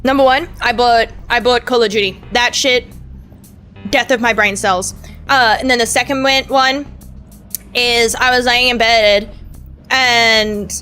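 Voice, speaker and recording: Bright-voiced rambling woman streamer. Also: on the high side, steady tone, a little slow, clean tone, soft background music. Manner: rambling, profane, self-mocking. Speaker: VTuber streamer. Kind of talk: casual gameplay stream chat.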